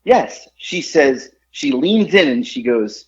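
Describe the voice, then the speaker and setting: A man telling a story on a podcast in casual chat, animated and rambling, with lots of fillers and laughs at his own tale. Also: mid-range voice, slow pace, dull audio.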